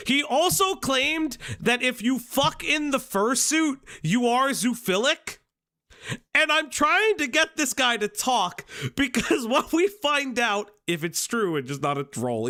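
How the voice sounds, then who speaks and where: A man's voice: very high voice, animated, measured pace, bright, forceful tone. A man hosting a commentary stream, telling a story in casual chat, laughing often mid-sentence and swearing a lot. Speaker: stream host.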